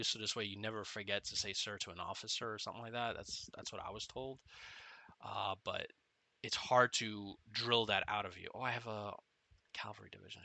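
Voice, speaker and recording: Man, forties, casual game commentary, rambling with fillers and laughs, bright edgy tone, dry recording. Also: fairly low pitch, creaky, no echo. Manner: rambling storytelling, often laughing, filler-heavy. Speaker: gameplay commentator and former Marine. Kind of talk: casual commentary while playing.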